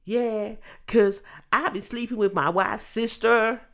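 A woman's voice: on the high side, steady tone, slow pace, a bit bright. A woman putting on a Southern American accent to mimic a daytime talk-show host and his guests. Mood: mocking. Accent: Southern American, put on.

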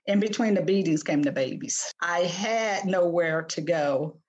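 Earnest older woman, halting speech. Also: on the low side, dull audio. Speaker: interview guest, author. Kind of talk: podcast interview.

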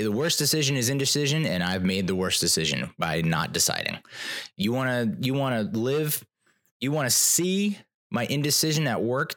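A man hosting a podcast, telling a rambling story in a casual, animated, self-mocking way, often restarting his sentences. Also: lowish voice. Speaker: podcast host.

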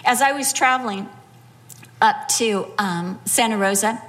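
A middle-aged woman preaching a sermon, telling a personal story with animated, acted-out quotes. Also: on the high side, measured pace.

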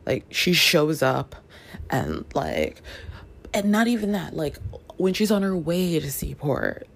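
A woman's voice: low voice, slow, gravelly. A woman vlogging about books in a casual, rambling chat, full of fillers and playful asides. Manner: animated, playful enthusiasm. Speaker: book vlogger.

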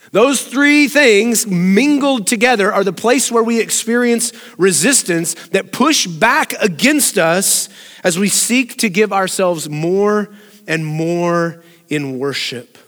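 A man's voice: high-pitched, fairly bright tone. A man preaching a sermon as pastor, in a conversational way that asks the congregation questions and laughs often. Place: church sanctuary. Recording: long reverb of a large hall.

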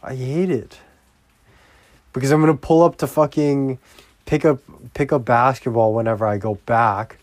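A young man in a casual video diary, rambling crudely and breaking into loud, profane, exasperated outbursts. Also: mid-range voice, steady tone, normal speed, dry recording. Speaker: vlogger.

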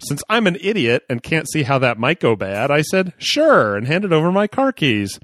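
A man from Oklahoma hosts a casual podcast and reads a listener's long letter aloud, chuckling along the way. His pitch swings widely and with animation as he reads. The sound is close and dry, with no room around it. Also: moderate pace, dry recording. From Oklahoma, USA. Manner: lively, chuckling reader. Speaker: podcast host.

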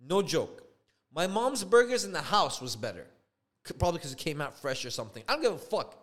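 A man's voice: on the high side, fairly quick. A young man co-hosting a podcast, telling a story in a casual, profane way and acting out the people he quotes. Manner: animated, profane, acts out quoted dialogue. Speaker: podcast co-host.

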